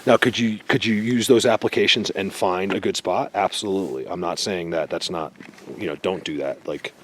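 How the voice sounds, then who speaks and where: Low-voiced man rambling insistently outdoors. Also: moderate pace, fairly bright tone, slight background noise. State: out of breath. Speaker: Bigfoot researcher vlogger. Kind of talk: casual outdoor vlog talk. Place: snowy forest outdoors.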